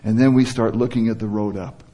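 A man's voice: lowish voice, steady tone, fairly quick, dark tone. Man preaching in a chatty, searching way. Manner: conversational, quotes scripture, rephrases mid-sentence. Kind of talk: informal sermon.

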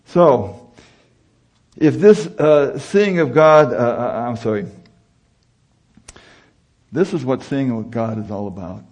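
A man's voice: fairly low pitch, a little slow, darkish tone. A middle-aged man preaching a sermon in a conversational way that climbs to emphatic peaks.

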